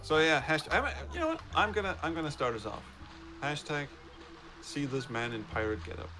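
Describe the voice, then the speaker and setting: A man's voice: fairly high pitch, expressive, normal speed. Enthusiastic man co-hosting a stream. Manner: enthusiastic, with fillers and restarts. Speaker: co-host of a charity stream. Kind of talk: casual chat on a live stream. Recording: game music behind voice.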